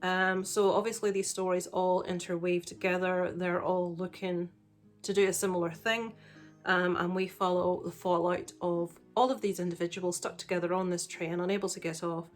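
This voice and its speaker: A woman's voice: lowish voice, flat delivery, normal speed, faint music behind. A woman casually reviewing the films she watched this week, chatty and candid, with frequent fillers. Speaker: film reviewer.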